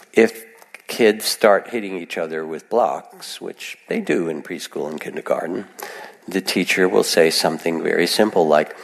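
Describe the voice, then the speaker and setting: Male meditation teacher, gentle and reflective; very low gravelly voice, long hall reverb. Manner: gentle, reflective, with soft acted asides. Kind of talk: dharma talk.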